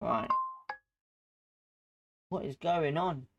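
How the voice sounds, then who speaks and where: A man hosts a live football watchalong, reacting excitably to the play and greeting chat viewers by name between moments of the match. His voice is on the high side and extremely slow, with a creaky, muffled recording and music underneath.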